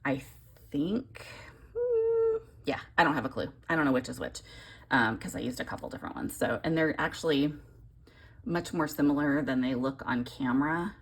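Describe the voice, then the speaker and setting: Chatty low husky woman showing crafts. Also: fairly quick. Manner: chatty, rambling, self-deprecating. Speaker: papercraft tutorial host. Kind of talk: casual craft demonstration.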